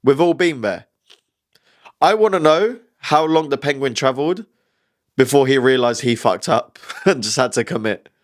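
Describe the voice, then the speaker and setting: A man's voice: medium pitch, animated, normal speed. A man hosting a comedic news roundup, chatty and wry, laughing at his own jokes.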